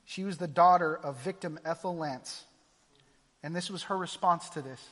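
A man preaching with a high, light voice that rings through a reverberant hall. He drops to hushed intensity, then rises into loud, urgent exclamations. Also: moderate pace. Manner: impassioned preaching, swinging between quiet intensity and loud exclamation. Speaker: pastor. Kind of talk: sermon.

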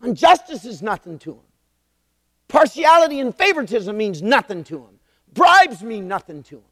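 A man's voice: extremely high pitch, moderate pace, dry recording, studio quality, in a large hall. A man in his sixties preaching a sermon, telling stories with emphatic repetition. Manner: animated storytelling, emphatic repetition. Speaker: pastor.

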